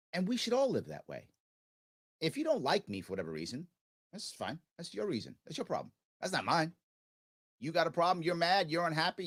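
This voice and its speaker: A man hosting a talk radio show, arguing his point in an animated, sarcastic monologue. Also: mid-range voice, dry recording, clean studio sound. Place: radio studio.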